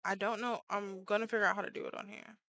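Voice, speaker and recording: A woman's voice: mid-range voice, flat delivery, fast talker, vocal fry, pushed and bright, dry recording. A woman artist chatting casually and playfully with her viewers while she draws, full of filler words. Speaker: artist streaming while drawing. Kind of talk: casual livestream chat with viewers.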